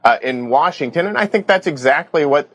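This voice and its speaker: A man's voice: on the high side, animated, fairly quick, a bit bright, dry recording. A man answering an interview question, talking assertively in campaign points. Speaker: politician in interview.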